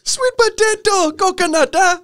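A man's voice: normal speed, a bit bright. A man putting on an exaggerated Zimbabwean accent in a mocking aside. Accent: put-on Zimbabwean. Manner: mocking, high and drawn out.

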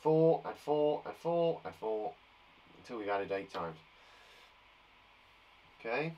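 A mellow, expressive male voice of medium pitch speaks slowly, heard through dull audio with slight background noise. He is a primary school teacher from England teaching little ones maths live online, counting aloud and encouraging them with conversational asides.

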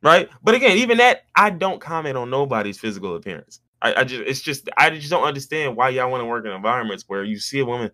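A man co-hosting a podcast, telling a story in casual chat and jumping into high mimicking voices when he quotes people. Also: sing-song, fast, few pauses, bright, forceful tone, no echo, clean studio sound. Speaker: podcast co-host.

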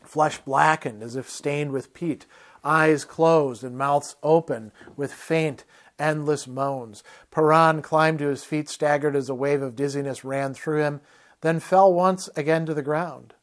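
A man giving a lecture, reading a novel passage aloud in a measured, expressive way. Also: on the high side.

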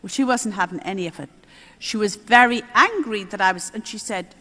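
An older woman, a nun giving a spiritual talk on prayer, telling stories in a lively way with little chuckles. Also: mid-range voice, a little fast. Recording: roomy hall reverb.

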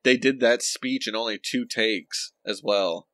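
Young man, podcast co-host, low bright voice, dry close sound, chatty trivia. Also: measured pace, dry recording. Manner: talkative, shares film trivia. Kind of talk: casual chat.

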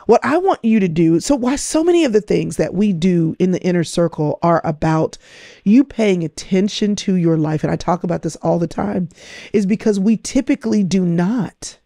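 A woman's voice: on the low side, animated, normal speed, dark tone, no echo, studio quality. A middle-aged woman hosting a podcast, coaching her listeners with emphatic, repetitive phrasing. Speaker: podcast host. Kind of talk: motivational talk.

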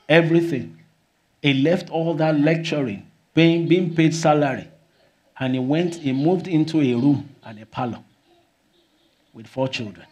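A man preaching a sermon as pastor, often exclaiming hallelujah and rising to shouts. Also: on the high side.

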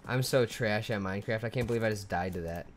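A man's voice: fairly low pitch, fast, slight background noise. A young man giving casual, profane commentary while he plays a video game, thinking aloud as he goes. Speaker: gamer.

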